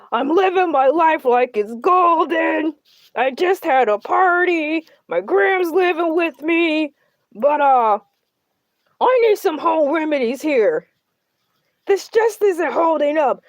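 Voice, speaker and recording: A woman's voice: sits high, dry recording. A woman doing a needy, boastful shark host. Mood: worried. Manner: whiny, self-centered, rambling. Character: boastful needy talk-show shark, male. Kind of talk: comedic character livestream.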